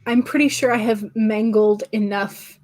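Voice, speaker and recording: A talkative woman from with a somewhat high voice. She keeps her casual chat light and jokey. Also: steady tone, moderate pace, a little mellow. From Georgia, USA. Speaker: guest writer on a livestream.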